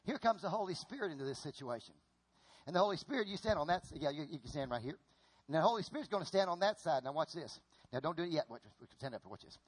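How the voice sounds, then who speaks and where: A middle-aged man preaching a sermon in an animated, folksy way, often repeating himself as he acts out an example on stage. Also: on the high side, quick pace, husky.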